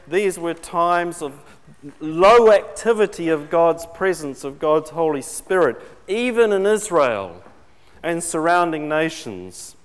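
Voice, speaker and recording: A man preaching a sermon in a conversational way, putting questions to his congregation. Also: a little high. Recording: long reverb in a large hall.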